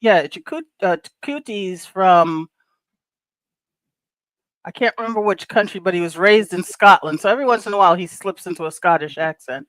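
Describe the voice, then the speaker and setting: Animated storyteller on a dry mic. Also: mid-range voice, normal speed, dry recording, poor audio. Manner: animated storyteller, retelling scenes with laughs. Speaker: panel guest. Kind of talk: casual panel chat.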